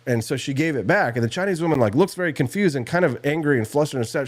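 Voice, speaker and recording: A man's voice: mid-range voice, quick pace, hardly any pauses. A male talk show host telling a long anecdote in a loose, rambling way, full of fillers and restarts. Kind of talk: casual radio talk show.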